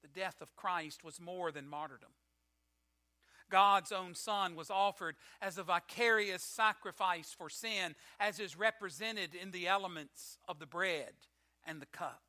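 Man, preacher, sermon, high voice, very bright tone, declamatory delivery. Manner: measured, declamatory reading with rising emphasis. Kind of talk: sermon with scripture reading and illustration.

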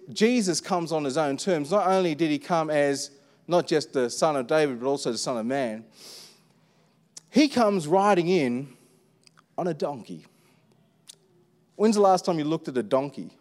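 A middle-aged man delivers a sermon with a high voice and an easy, conversational manner. He keeps asking the room rhetorical questions. His voice carries a long reverb from a large church hall. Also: a little mellow. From Australia. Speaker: pastor.

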